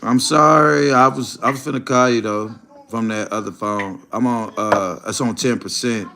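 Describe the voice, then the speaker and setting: A man's voice: mid-range voice, moderate pace, bright, forceful tone. A man hosting a casual livestream, talking to his chat in a rambling, profane way and laughing often. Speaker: livestream host.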